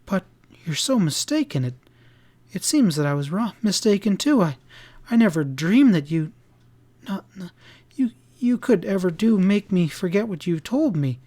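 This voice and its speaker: An upset young woman from a classic western storybook, breathy and trembling with indignation, as a man narrator puts her on. The voice lifts well above his own and swings up and down as she speaks, soft and unsteady. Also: high-pitched, very animated, moderate pace, pitched above the performer's own voice. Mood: indignant.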